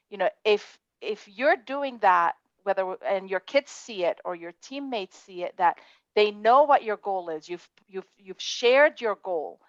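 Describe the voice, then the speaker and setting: A woman's voice: mid-range voice, dry recording, lo-fi sound. A woman on a panel talking in an earnest, motivational way, often restarting her sentences. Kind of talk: panel discussion.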